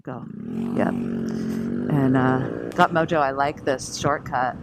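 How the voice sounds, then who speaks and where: Riding a scooter down the open road, a woman tells a lively vlog story, laughing a lot and performing other people's lines. She speaks slowly in a rumbling low voice with vocal fry, while wind and engine sounds run through the clip.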